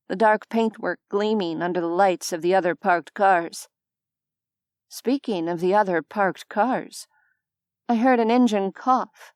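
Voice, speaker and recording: A woman reading a first-person audiobook with wry, even storytelling. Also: mid-range voice, clear, resonant tone, no room sound, clean studio sound. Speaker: audiobook narrator. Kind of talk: scripted first-person narration.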